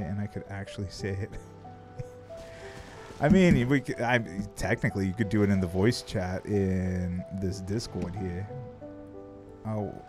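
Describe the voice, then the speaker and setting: A man live-streaming a game, his voice sitting low as he talks at an unhurried drawl. He swears freely, laughs a lot and trails off into restarts. Game music plays clearly behind him. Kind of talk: casual live-stream chat while gaming.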